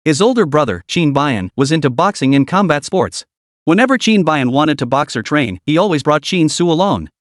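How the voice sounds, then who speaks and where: A man narrating a story recap, his fairly high voice rising and falling in lively swings as the tale moves on. The recording is close and completely dry, with no room sound at all. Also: normal speed, dry recording.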